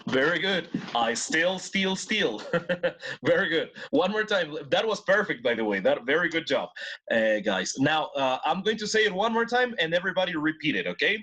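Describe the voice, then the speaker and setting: A man's voice: on the high side, animated, brisk, fairly bright tone. Encouraging bilingual English teacher, man. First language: Spanish. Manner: switches between English and Spanish, encouraging, repeats words for drills. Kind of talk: online class teaching.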